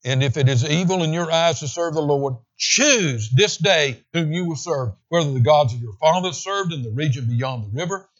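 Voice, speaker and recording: Man preaching emphatically, lo-fi. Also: fairly high pitch. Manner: emphatic preaching, slows down to read scripture. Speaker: pastor. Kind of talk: sermon.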